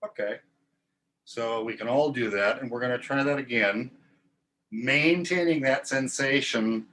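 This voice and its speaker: A man teaching a choir warm-up, talking through breathing and vowel sounds and demonstrating them in calm, instructive speech. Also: mid-range voice, moderate pace. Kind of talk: guided vocal warm-up lesson.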